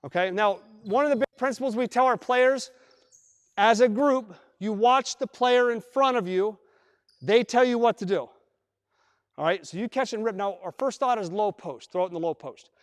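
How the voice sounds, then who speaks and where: A man with a fairly high voice runs a live basketball clinic and walks players through each drill. He doubles back on his words often and calls out moves to the players as he shows them. The sound is close and dry up front, with a long reverb trailing off in a big gym. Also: moderate pace. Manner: repeats words, demonstrates with players. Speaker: basketball coach. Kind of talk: live coaching clinic on court. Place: large indoor gym.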